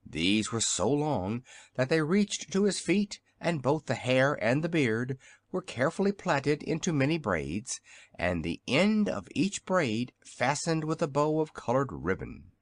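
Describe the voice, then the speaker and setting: Expressive male audiobook narrator. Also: medium pitch, measured pace, dry recording. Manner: expressive storytelling. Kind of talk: scripted narration.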